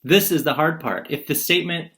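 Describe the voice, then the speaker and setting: A man's voice: a little high, a little fast, pushed and bright. A male teacher recording a video lesson, asking his class questions and answering them himself, and acting out quotes in different voices.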